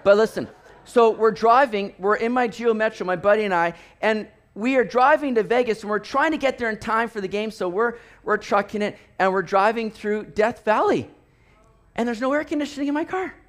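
A man preaching a sermon, telling stories with animated delivery and acting out the voices of people in them. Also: high-pitched, brisk. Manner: animated storytelling, acts out voices, rising to near shouts. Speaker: pastor.

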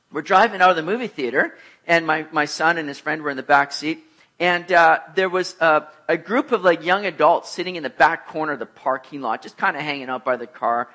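A middle-aged man preaching a sermon, telling lively personal stories and acting out the voices of the people in them. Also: on the high side. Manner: animated storyteller, acts out voices, laughs at himself. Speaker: pastor.

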